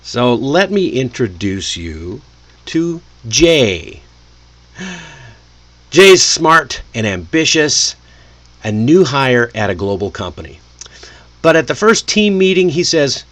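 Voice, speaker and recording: A man teaching English in a lively, friendly way, often chuckling to himself. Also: mid-range voice, slow pace, long pauses. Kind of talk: casual lesson delivery.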